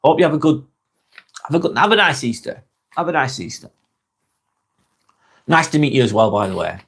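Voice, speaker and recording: A man's voice: mid-range voice, very animated, moderate pace, gravelly, a bit bright, slightly rough. An English man hosting a live vlog from a spare bedroom, chatting casually with viewers, rambling and repeating himself with lots of ums, on a clip-on mic. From England. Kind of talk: casual live-stream chat reading comments. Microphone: wireless clip-on mic.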